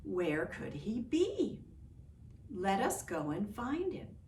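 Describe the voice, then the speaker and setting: A woman voicing eager village children, talking high and excited, in an echoey room from a distant mic. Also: slow pace, slight background noise, full character voice. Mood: curious.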